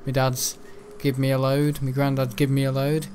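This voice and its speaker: A man's voice: mid-range voice, monotone, moderate pace, a little mellow, a little hiss or hum. A man chatting casually while streaming a game, rambling and joking and laughing often. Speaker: gaming streamer. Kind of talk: casual livestream chat while gaming.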